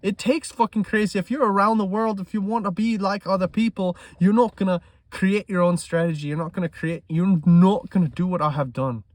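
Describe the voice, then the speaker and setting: Swearing freely, a man vlogs about trading in a heated monologue that shifts between loud stresses and hushed talk. His high-pitched voice is brisk with hardly any pauses, and there's no room sound.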